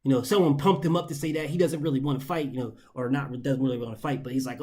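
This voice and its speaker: A man's voice: mid-range voice, fairly even intonation, fast talker, few pauses, mellow. A man hosting a boxing commentary show, ranting in an exasperated, profane way and hammering points through repetition.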